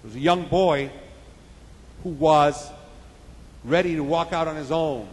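A man's voice: a little high, a little slow, a little mellow, breathy edge, long reverb tail, poor audio. A man preaching a sermon with an emphatic, repetitive cadence, building points in parallel phrases.

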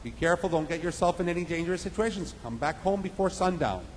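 A man's voice: on the high side, lively intonation, quick pace, in a large hall, slight background noise, pitched above the performer's own voice, natural voice, rough recording. A preacher doing a fussing, worried mother. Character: anxious caring mother warning her son.

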